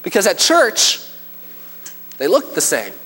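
A man's voice: sits high, slow pace, slightly rough, long reverb tail. A man preaching a sermon in a church, telling stories and acting out scenes with animation. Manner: animated storytelling, acts out scenes. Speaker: pastor.

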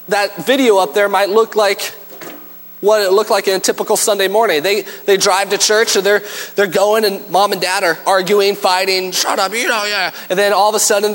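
Brief: man, preacher, animated storyteller, higher voice, church reverb. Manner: animated storytelling, acts out scenes. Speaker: pastor. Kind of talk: sermon.

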